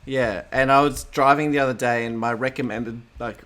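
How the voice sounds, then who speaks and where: A man chatting casually on a podcast, relaxed and a bit hesitant. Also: medium pitch, normal speed. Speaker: podcast regular. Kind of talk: casual chat.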